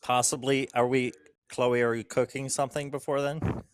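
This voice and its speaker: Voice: mid-range voice, little pitch movement, moderate pace. A player in a tabletop game, chatting casually and laughing easily.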